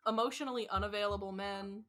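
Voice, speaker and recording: A young woman co-hosting a podcast in casual chat, loud and gushing, swearing often and cackling. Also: medium pitch, steady tone, fast talker. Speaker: podcast co-host.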